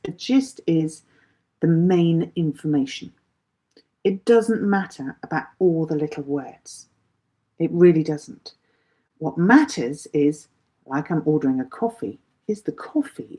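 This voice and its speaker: A woman's voice: fairly low pitch, dark tone. A middle-aged woman teaching a live online English lesson, patiently explaining with everyday examples.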